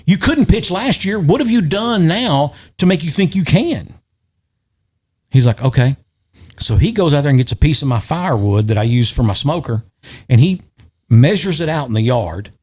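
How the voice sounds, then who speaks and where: A middle-aged man with a drawl tells a story in a relaxed podcast chat, at an ordinary middle pitch. He keeps it lively and jumps into the voices of the people in his tale. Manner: animated, acts out quoted voices. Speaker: podcast guest or host.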